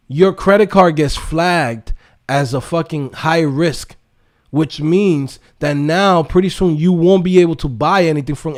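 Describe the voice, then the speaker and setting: A man's voice: high-pitched, a little mellow. A man hosting a livestream, ranting profanely in casual talk about his coding courses and refund requests.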